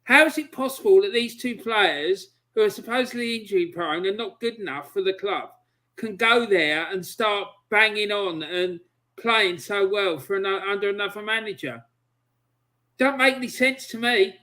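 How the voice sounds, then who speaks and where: High, bright-voiced man on a video call; fuming, emphatic fan rant. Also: normal speed. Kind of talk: heated football fan rant.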